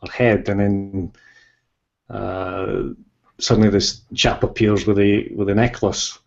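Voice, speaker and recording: A man's voice: lowish voice, level tone, slow pace, gravelly, darkish tone. A man, an author being interviewed, telling a story in a meandering, hesitant way, on lo-fi audio. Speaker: guest, author. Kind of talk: casual interview chat. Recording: lo-fi dull audio.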